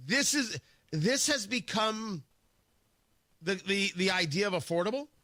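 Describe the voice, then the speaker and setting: A wry male talk-radio host rambles through his morning segment in a close, dry studio sound. His voice sits fairly high and bright, with lively swings in pitch. He stammers into restarts as he goes. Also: unhurried, dry recording.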